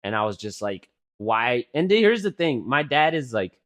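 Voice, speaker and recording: A podcast co-host in his twenties speaks at a moderate pace in a mid-range voice. His casual chat features rambling, profane stories told with animation and many fillers.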